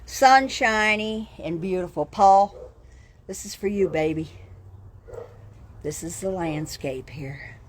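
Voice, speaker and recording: An older woman from New York talks casually and bluntly to her viewers, addressing them by name as she walks them around her home. Her voice sits low for a woman. A faint noise hums under the phone recording. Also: slow pace, pauses often. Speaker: vlogger. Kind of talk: casual home tour vlog. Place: her house and front yard, in and out of doors.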